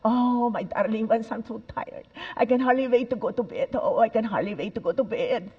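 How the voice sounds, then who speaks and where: A weary, affected European lady, as a woman puts her on, drawling her sighs slowly and theatrically. The sound echoes through a big hall with a long tail and a slightly dull, muffled tone. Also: a little high, voice pushed up, natural voice. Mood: languid.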